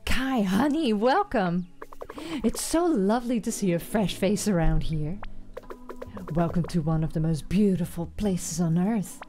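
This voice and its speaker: A chatty, friendly young village woman who welcomes newcomers in a bubbly way, as a woman puts her on. Her slightly breathy voice sits a little lower than the performer's own, and the talk moves slowly over game music. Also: lively intonation, warm tone, lightly acted. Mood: cheerful.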